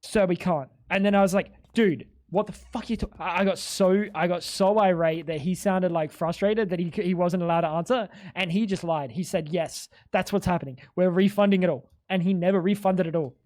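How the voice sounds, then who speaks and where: A man's voice: high voice, steady tone, fairly quick, few pauses, darkish tone. A man streaming live, chatting casually in a ranting, exasperated way full of swearing.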